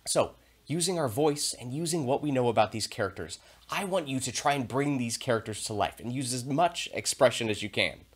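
A man teaching a theater video lesson to young children, speaking in a clear, encouraging and expressive way. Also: medium pitch, brisk.

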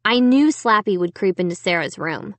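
A woman's voice: medium pitch, lively intonation, normal speed, a bit bright, no room sound. A woman narrating a children's horror book in the first person, reading steadily and with suspense. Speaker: audiobook narrator.

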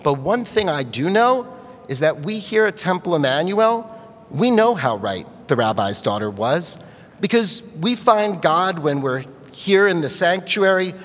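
A man telling a story at a family worship service, expressive, in a large sanctuary. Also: high voice. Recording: long reverb of a large sanctuary.

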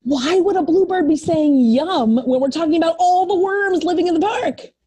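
A preschool teacher reads a picture book aloud to young children in an animated, sing-song style. Her voice is extremely high-pitched and fairly quick.

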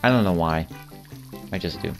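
Faint game music sits behind a teenage channel host as he rambles through casual commentary, chuckling at his own jokes and restarting sentences amid fillers. His lowish voice has vocal fry and a moderate pace.

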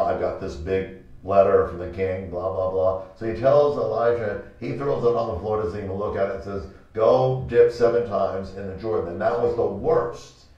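A man hosting a pastoral talk show, telling a Bible story in an animated way and acting out the quotes. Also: fairly low pitch. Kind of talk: preaching talk-show chat. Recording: echoey room, mic from a distance, dull sound.

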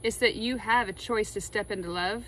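A woman chatting casually while laying out tarot cards, excitable and full of spiritual musings. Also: medium pitch, moderate pace, slight background noise, low-quality recording. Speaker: tarot reader.

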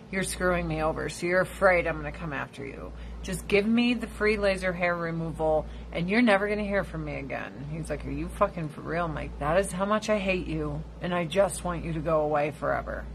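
A woman's voice: normal speed, gravelly, a little hiss or hum, rough recording. Foul-mouthed woman streaming casual stories. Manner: profane, blunt storytelling; high squealing voice when mimicking others. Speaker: livestream host. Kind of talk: casual livestream chat.

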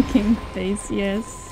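A woman's voice: mid-range voice, very slow, creaky, mellow. A woman streamer chatting casually with viewers while she plays, laughing often. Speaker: gaming streamer. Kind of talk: casual live-stream gameplay chat.

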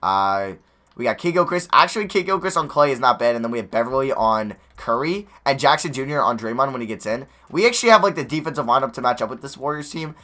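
A young man giving nervous, excitable live commentary over a basketball video game, talking to his players on screen, his voice going hoarse. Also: mid-range voice, fast. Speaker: gaming YouTuber.

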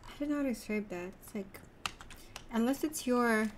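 A young woman with a fairly high voice rambles through a gameplay stream, talking straight to her chat in a loose, unpolished way and swearing now and then. A faint hiss sits under her voice. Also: normal speed. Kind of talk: casual gameplay chat with viewers.

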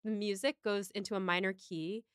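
A woman hosts a podcast in casual chat, walking through a film scene by scene with wry humour. Her voice sits at a middle pitch. The sound is dry and close, with no room echo. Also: steady tone, fairly quick, smooth. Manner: chatty, wry, acts out quotes. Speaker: podcast host.

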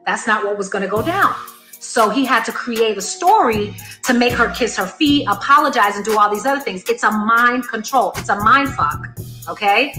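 A woman's voice: fairly high pitch, bright, forceful tone, reverberant. A woman giving an earnest, emphatic commentary, explaining things to her audience. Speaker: commentator and former cult member. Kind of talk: commentary monologue.

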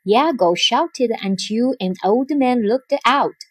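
A woman narrating a children's storybook in a slow, clear reading style. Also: fairly high pitch, lively intonation, no room sound.

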